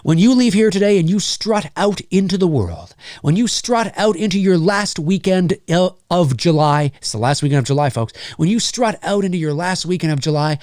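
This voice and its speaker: A man's voice: high-pitched, moderate pace, darkish tone, no echo, studio quality. A man in his forties hosting a casual live-stream Q&A, rambling and laughing between viewer questions. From Canada. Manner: rambling, laughs often, hams up movie quotes. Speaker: host answering viewer questions.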